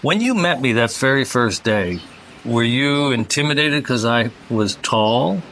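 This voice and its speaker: A man's voice: mid-range voice, lively intonation, fairly bright tone, slight background noise. A man hosting a casual chat, telling a long joke in a rambling way. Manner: rambling storyteller, quick bursts. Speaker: host.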